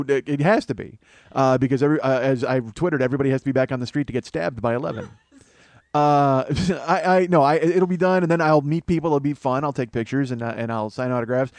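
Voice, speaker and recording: A middle-aged man hosting a solo comedy podcast, rambling and profane, breaking into loud mock voices. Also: mid-range voice, no echo. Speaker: comedian host.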